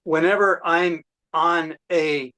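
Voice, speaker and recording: A man doing a deadpan stand-up set of impressions, talking haltingly over a video call. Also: on the high side.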